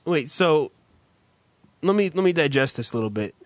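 A man hosting a comedy podcast, teasing and exasperated, loud and profane. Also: on the high side, animated, normal speed, no room sound. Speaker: podcast host.

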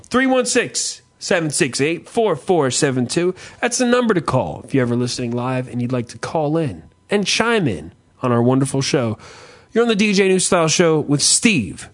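High-voiced crude radio host. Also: male voice, sing-song, moderate pace. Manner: crude, joking, laughs often. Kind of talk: casual call-in radio talk.

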